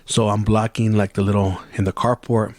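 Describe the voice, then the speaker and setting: A young man hosting a podcast, telling a story in an easy, rambling way. He swears freely and switches into Spanish mid-sentence. His low voice sounds dry and close to the mic. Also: little pitch movement, moderate pace, darkish tone, no echo. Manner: loose, profane, switches into Spanish. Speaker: podcast host. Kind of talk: casual storytelling chat.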